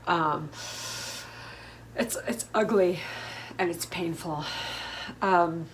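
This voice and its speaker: A woman's voice: on the low side, drawn-out words, slight background noise, poor audio. Chatty woman recapping reality TV. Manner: chatty and opinionated, with many fillers. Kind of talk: casual recap commentary.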